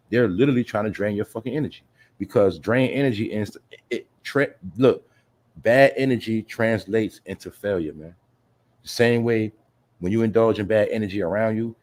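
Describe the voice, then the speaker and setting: A man hosts his livestream in a slightly low voice, speaking loose street slang peppered with profanity. He preaches to his listeners, hammering his points home by repeating them and checking in with "you feel me.". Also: darkish tone. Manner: profanity-laced. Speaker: livestream show host. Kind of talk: casual livestream monologue.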